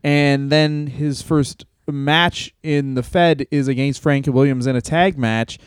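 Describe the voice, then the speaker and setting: A man co-hosting a podcast, rambling and joking in casual chat, now and then slipping into quick impressions. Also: mid-range voice, fairly even intonation, clean tone, dry recording. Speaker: podcast co-host.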